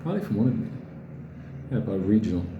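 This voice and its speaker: A man's voice: fairly low pitch, very animated, very fast, roomy sound, narrow, tinny audio, background noise. A middle-aged man ranting casually to his viewers, blunt and profane, who often mimics other people's voices. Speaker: crypto video host.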